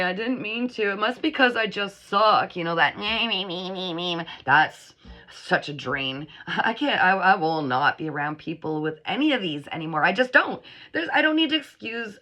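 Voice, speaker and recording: Middle-aged woman psychic, chatty channeled reading to camera, crisp bright voice. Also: lowish voice. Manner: animated, chatty, acts out whiny voices. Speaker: psychic reader.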